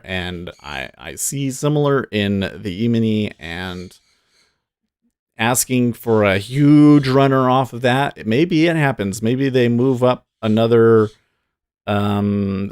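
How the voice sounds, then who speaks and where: A man's voice: fairly low pitch, a little mellow, clear, resonant tone, no room sound, clean studio sound. A man hosting a live day-trading stream, thinking aloud and cheering on his trades in easy casual chat.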